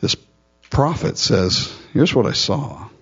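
A man's voice: medium pitch, animated, slow pace, fairly bright tone, slightly rough, lo-fi sound. A man preaching a sermon as pastor, teaching verse by verse, laughing often and acting out the Bible figures with sarcasm.

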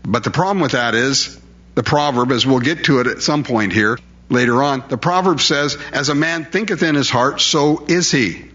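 A man's voice: medium pitch, moderate pace, a bit bright, muffled recording. Emphatic conversational male preacher. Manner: emphatic, conversational, frequent rhetorical questions. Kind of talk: sermon.

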